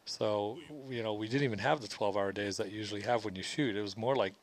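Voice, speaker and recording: A man's voice: fairly low pitch, fast. A man, the film's director, giving rambling commentary full of restarts. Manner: rambling, with many restarts and fillers. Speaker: film director. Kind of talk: film commentary.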